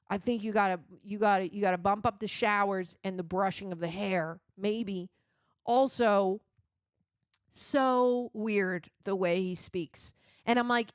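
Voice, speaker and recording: A woman's voice: medium pitch, dry recording, clean studio sound. A woman hosting a casual movie reaction, chatty and rambling with lots of fillers.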